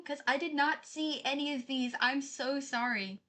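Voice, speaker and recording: A woman streamer talking to her live chat in a loose, casual way. Her voice sits a bit high for a woman, and she keeps apologizing and reading viewers' messages out loud. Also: unhurried, few pauses. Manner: chatty, apologetic, reads chat aloud.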